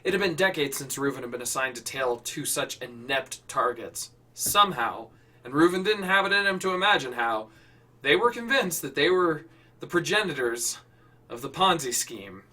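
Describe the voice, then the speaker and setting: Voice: mid-range voice, expressive, moderate pace, sharp tone, far from the mic. A storyteller who reads his own short fiction, swearing and joking about himself between the lines. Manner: swearing, self-deprecating, hesitant between lines. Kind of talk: casual storytelling with asides.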